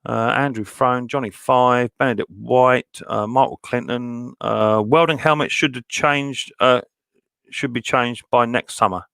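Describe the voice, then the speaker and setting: A man hosts a live stream and reads through the chat. He greets each viewer by name as mate or buddy boy, in a loose style full of fillers. His voice sits at an ordinary middle pitch, and the sound is dry with no room echo. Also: fairly even intonation, measured pace, vocal fry, fairly bright tone, clear, resonant tone. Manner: casual, many fillers, calls people mate and buddy boy. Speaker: mower channel host.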